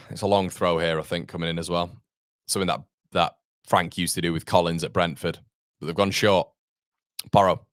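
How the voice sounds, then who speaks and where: A man's voice: low voice, fairly even intonation, moderate pace, long pauses, a bit bright, dry recording, studio quality. A man hosting a fan watchalong, calling the match live play by play and answering viewer chat, with partisan exasperation. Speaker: fan channel host.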